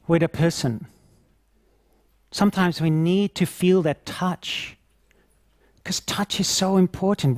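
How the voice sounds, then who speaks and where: Lively Reiki teacher telling stories. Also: male voice, sits high, dry recording, clean studio sound. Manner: lively, laughing storyteller, acts out scenes. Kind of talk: conference talk with anecdotes.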